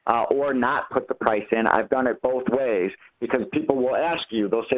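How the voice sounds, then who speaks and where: A man's voice: medium pitch, moderate pace, few pauses. A man hosting a call-in Q&A who coaches callers and acts out the conversations he quotes. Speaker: host answering callers' questions. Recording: muffled lo-fi call audio.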